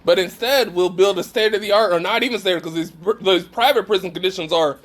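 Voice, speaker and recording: Delivering a preaching talk to a live audience at a faith gathering, a man speaks briskly in a voice that sits high. He is emphatic and questions his listeners directly.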